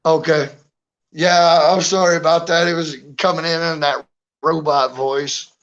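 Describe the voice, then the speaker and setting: A man's voice: on the high side, little pitch movement, unhurried, a bit bright, dull audio. Rambling man saying "you know" a lot. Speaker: host. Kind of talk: casual chat on a live stream.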